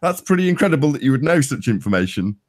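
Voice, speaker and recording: A man's voice: medium pitch, sing-song, fast talker. A man hosting a casual chat, mocking and sarcastic, often laughing and acting out quotes he reads. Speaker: host of a chat stream.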